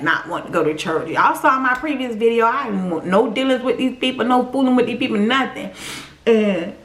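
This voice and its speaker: A woman telling her own story to viewers in a casual, animated way, often speaking to them directly. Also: mid-range voice. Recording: echoey room.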